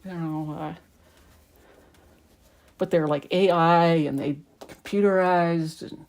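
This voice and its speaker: A woman's voice: fairly low pitch, steady tone, takes it slowly, pauses often, a little mellow. A middle-aged woman quilter chatting casually and rambling as she sews at home. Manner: rambling, chatty, talks while working. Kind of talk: casual chat while sewing.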